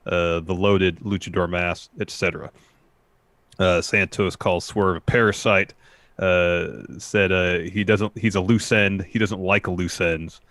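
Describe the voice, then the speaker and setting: A man's voice: sits low, steady tone, unhurried, a bit bright, no room sound. A man co-hosting a wrestling podcast, recapping segments and paraphrasing what was said, with many "uh"s. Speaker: podcast co-host.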